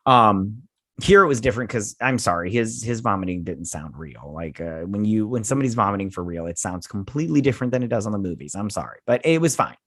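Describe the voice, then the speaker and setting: A male host with a lowish voice talks fast in a dry, clean studio recording. He recaps a TV episode in a rambling, animated way, performing the characters' quotes while sounding tired and yawning at times.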